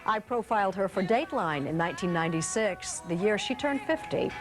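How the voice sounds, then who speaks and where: A woman's voice: mid-range voice, expressive, a little fast, loud music behind the voice. A woman news program host giving scripted narration with polished broadcast delivery.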